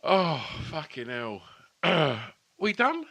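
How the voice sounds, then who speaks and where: A man chatting loosely on a comedy podcast, a little tipsy after a few lagers. He swears freely and laughs often, with a bright, clear tone. The sound is close and dry. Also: a little high, wildly swooping pitch, drawn-out words, no room sound. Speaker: podcast co-host. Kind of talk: casual chat.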